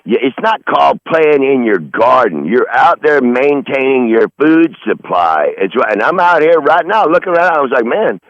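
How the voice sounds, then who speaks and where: A man's voice: medium pitch, big pitch swings, moderate pace, hardly any pauses, no room sound. Profane, blustery man on a dull line. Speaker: regular call-in guest. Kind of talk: rambling casual chat. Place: outdoors in his garden.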